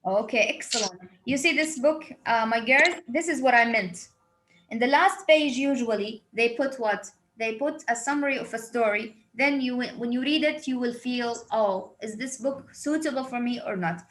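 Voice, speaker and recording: A woman teacher, giving a lively lesson and answering her own questions. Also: fairly high pitch, moderate pace. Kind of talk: classroom lesson.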